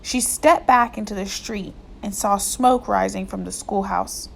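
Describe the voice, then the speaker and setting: A woman's voice: medium pitch, a little slow, creaky. Woman reading a novel aloud. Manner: steady storytelling narration. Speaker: audiobook reader.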